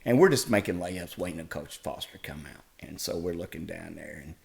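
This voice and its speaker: Middle-aged male guest, very low gravelly voice, folksy storyteller. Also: brisk. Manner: folksy, animated retelling with laughs. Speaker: podcast guest. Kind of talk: casual storytelling.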